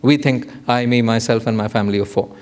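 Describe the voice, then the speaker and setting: Animated man giving a lecture. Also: fairly quick. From India. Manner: animated storyteller, acts out dialogue with big pitch jumps. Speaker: guest lecturer. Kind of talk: public lecture with anecdotes. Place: lecture hall.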